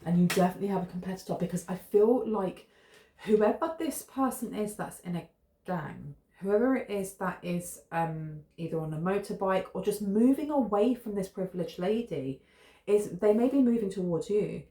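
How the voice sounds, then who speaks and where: Mellow woman reading tarot. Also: medium pitch, lively intonation, moderate pace. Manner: musing, repeats herself, loosely hedged. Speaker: tarot reader. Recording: roomy echo, faint noise.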